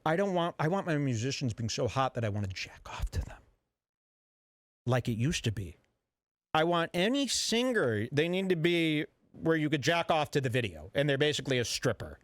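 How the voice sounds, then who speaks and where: A man hosting a radio show, ranting in a brash, mock-serious and deliberately offensive way. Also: on the high side, big pitch swings, dry recording. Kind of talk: provocative comedic talk radio rant.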